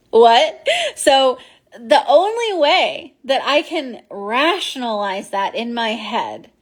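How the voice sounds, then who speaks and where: A woman's voice: a little high, animated, slow pace. A woman telling a personal ghost story in a casual, rambling way, full of fillers and restarts. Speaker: podcast host.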